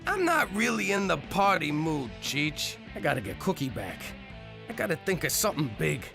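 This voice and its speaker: A man voicing a hapless, self-pitying mobster in an animated series, talking in a brash, whiny way. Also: on the high side, creaky. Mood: brooding. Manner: brash, whiny, fast-shifting. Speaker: lead character. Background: music.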